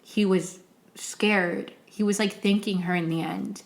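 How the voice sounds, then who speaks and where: A woman's voice: mid-range voice, steady tone, measured pace, creaky. A young woman hosting her own podcast, recapping a TV episode in a casual, emotional, rambling way with many restarts. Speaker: podcast host.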